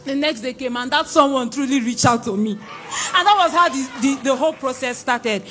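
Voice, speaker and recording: A young Nigerian woman giving an excited church testimony, exclaiming and repeating phrases. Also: high-pitched, normal speed, faint music behind. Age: young adult.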